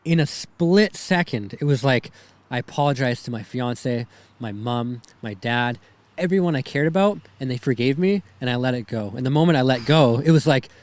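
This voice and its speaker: A man's voice: medium pitch, expressive, normal speed, darkish tone. Shaken young man telling a story. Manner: rambling, filler-heavy, says "right?" and "man" often. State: shaken, near tears. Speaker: podcast guest. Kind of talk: emotional personal storytelling.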